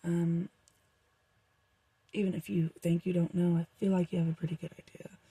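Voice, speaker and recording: A woman's voice: lowish voice, flat delivery, moderate pace, mellow, husky, dry recording, low-quality recording. A young woman doing a casual, rambling tarot reading for her viewers, with frequent fillers. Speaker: tarot reader.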